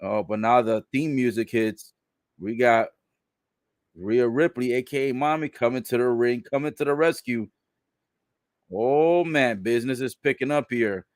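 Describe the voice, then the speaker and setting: A man giving a casual live recap of a wrestling show, relaying what is said in the ring and reacting with laughs and loud exclamations. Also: medium pitch, unhurried, dry recording, studio quality. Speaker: live wrestling watch-along commentator.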